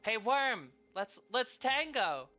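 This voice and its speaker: A bold southern swordswoman with a drawling, flirty taunt, put on by a player. The voice is bright and clear and rises well above the player's own. The stream audio is dull and lo-fi, with faint music behind. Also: mid-range voice, very animated, slow, voice pushed up, full character voice.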